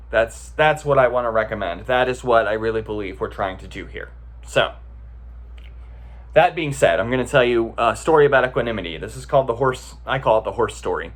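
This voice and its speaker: A man's voice: mid-range voice, expressive, normal speed, fairly bright tone. A man giving a casual, conversational talk as a meditation teacher, often checking in with the listeners as he tells a story.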